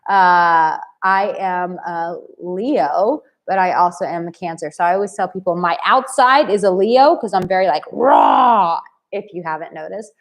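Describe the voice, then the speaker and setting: A woman's voice: fairly low pitch, a little slow. Effusive woman dating coach live. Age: 30s. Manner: effusive, blunt and animated, reads viewer comments aloud. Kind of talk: live stream chat with viewers. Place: home in Bali.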